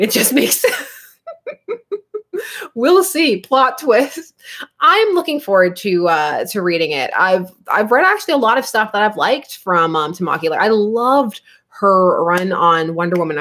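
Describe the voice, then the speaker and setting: A woman's voice: medium pitch, a bit bright. A woman in her thirties from Canada with a Canadian accent, chatting casually on her comics livestream, laughing often between chatty asides.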